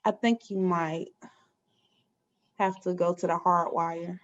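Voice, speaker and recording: A woman's voice: on the low side, fairly even intonation, takes it slowly. A woman hosting an online webinar in a chatty, friendly way, with frequent filler words. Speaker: webinar host. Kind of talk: casual hosting with housekeeping announcements. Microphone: video call. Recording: muffled video-call audio.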